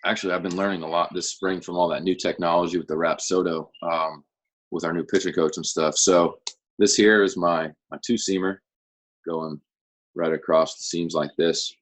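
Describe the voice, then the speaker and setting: A young man, a pro baseball pitcher, chatting as a guest in a relaxed, rambling way full of fillers. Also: moderate pace. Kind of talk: casual interview chat.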